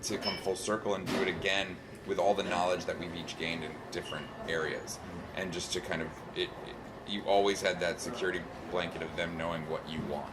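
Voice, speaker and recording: A man, an actor, answering interview questions with quick jokes and easy banter. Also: sits low, level tone. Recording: noisy background ambience.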